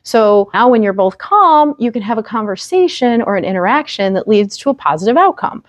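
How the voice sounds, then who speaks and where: A woman's voice: fairly high pitch, animated, a little fast, dry recording. A woman hosting her own parenting vlog, talking straight to the viewer in an earnest, encouraging way. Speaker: parenting channel host. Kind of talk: direct-to-camera parenting advice vlog.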